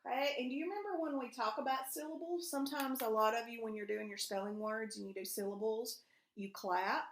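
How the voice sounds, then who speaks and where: A woman teaches a recorded reading lesson to young pupils. She speaks in a somewhat high voice, patient and guiding, and keeps asking them questions. The room has a noticeable echo. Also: a little fast. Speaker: elementary school teacher. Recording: echoey room.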